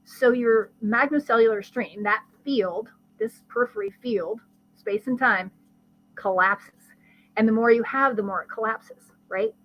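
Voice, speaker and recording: Woman, guest expert, lively explainer, vivid examples, higher pitch, muffled lo-fi audio. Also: unhurried. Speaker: guest expert on ADHD and learning. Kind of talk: explanatory conversation.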